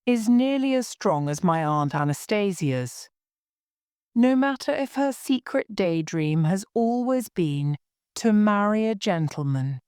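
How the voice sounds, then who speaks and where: Woman reading a story for english learners, slow and lively, dry close mic. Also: medium pitch, no room sound. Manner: slow, clear and expressive reading. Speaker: story reader. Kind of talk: storybook narration for language learners.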